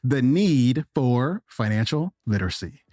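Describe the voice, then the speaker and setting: A man hosting a podcast, speaking directly and warmly to his listeners as he wraps up the episode. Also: mid-range voice, expressive, unhurried, dry recording, studio quality. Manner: friendly, direct address to listeners. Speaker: podcast host. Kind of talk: podcast outro. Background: faint music.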